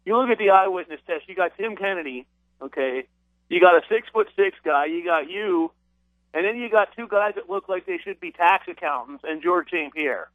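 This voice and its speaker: A man's voice: sits high, normal speed, dry recording. A man hosting a radio show, interviewing a guest in a casual way with some hesitations. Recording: tinny phone-band radio audio.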